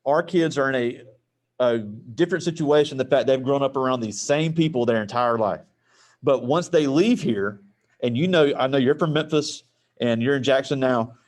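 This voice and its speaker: A man's voice: a little high, no room sound. A man interviewing a guest at a school, earnest and searching for his words with fillers. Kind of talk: casual interview.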